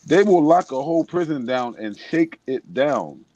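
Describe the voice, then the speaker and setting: A man's voice: fairly high pitch, expressive, moderate pace, darkish tone, dry recording, muffled recording. A man in a political discussion telling a personal story, casual and emphatic.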